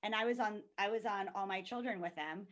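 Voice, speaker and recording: A woman's voice: medium pitch, brisk. A woman co-hosting a podcast, chatty and laughing often in casual conversation. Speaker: podcast co-host. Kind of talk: casual chat.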